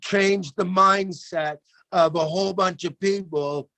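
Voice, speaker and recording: A man's voice: high voice, steady tone, slow pace, bright, forceful tone, dry recording. A man co-hosting a call-in show, chatting loosely and comically, swearing and laughing as he goes. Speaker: comedian co-host. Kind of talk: casual comedic chat.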